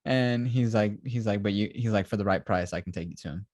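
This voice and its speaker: A man's voice: fairly low pitch, a little fast, darkish tone, no room sound, studio quality. A man co-hosting a casual review chat, rambling through scenes and acting out quotes with frequent laughs. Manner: rambling storyteller, acts out scenes with "he's like" quotes, laughs often. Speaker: podcast co-host.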